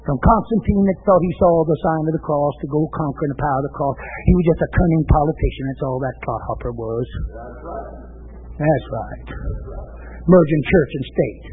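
A man preaching a fiery sermon, swinging between shouts and low growls. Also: moderate pace, breathy edge, faint music behind. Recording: tinny lo-fi phone-like recording.

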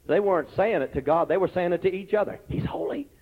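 A man preaching a lively sermon as pastor, breaking into shouted exclamations between stories and scripture reading. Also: high-pitched, fast talker. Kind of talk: Pentecostal-style sermon. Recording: lo-fi recording.

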